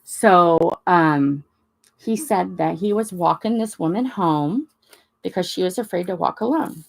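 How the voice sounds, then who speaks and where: A woman hosting a crafting chat tells a rambling story casually, animatedly acting out the dialogue as she quotes people. Her voice sits on the low side, unhurried and creaky.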